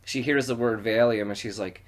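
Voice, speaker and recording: A man from western New York co-hosting a podcast, telling profane stories in a loose, animated way. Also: medium pitch, brisk. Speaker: podcast co-host. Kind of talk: casual storytelling chat.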